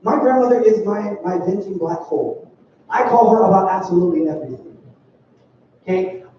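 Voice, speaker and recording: A man's voice: high voice, lively intonation, a little fast, slight background noise. A young man giving a youth sermon as youth pastor, talking casually and acting out quoted voices. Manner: conversational, acts out quoted voices. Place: church hall. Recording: far, dull and roomy hall sound.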